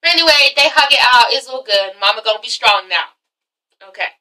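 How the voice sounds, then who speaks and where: A woman's voice: on the high side, animated, a little fast, sharp tone, far from the mic, poor audio. A young woman recapping a reality show in a chatty, sassy vlog, swearing freely. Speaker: TV recap vlogger.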